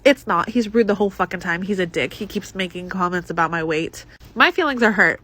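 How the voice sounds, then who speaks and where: A woman's voice: lowish voice, brisk, fairly bright tone. A young woman telling a storytime monologue in a casual, candid way, swearing and laughing as she goes.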